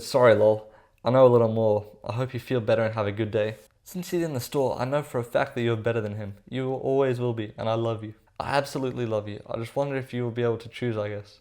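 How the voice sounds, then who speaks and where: Fast-talking sarcastic young man. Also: medium pitch, fairly even intonation, a little mellow. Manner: sarcastic, exasperated, casual slang. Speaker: reaction commentator. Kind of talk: comedic commentary reading text messages aloud.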